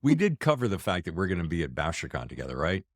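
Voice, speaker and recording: A man's voice: low voice, fast, dry recording, studio quality. A man hosting an interview podcast, chatting casually and playfully. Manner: animated, jokey, slips into playful voices. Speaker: podcast host.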